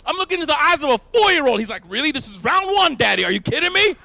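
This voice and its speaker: A man performing a stand-up comedy set, telling animated stories and shouting his punchlines. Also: very high-pitched, racing, vocal fry. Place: live event stage.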